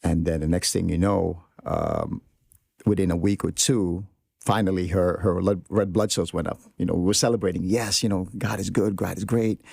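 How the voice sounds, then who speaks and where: Male podcast guest: deep, gravelly voice, recorded dry, speaks in an earnest, reflective way. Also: lively intonation, moderate pace, a little mellow, no echo. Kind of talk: casual podcast conversation.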